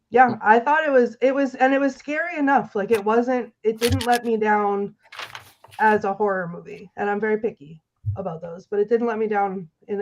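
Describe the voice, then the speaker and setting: Female co-host, eager and halting, slightly dull lo-fi audio. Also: mid-range voice. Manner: hesitant, enthusiastic, lots of fillers. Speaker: podcast co-host. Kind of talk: casual film discussion.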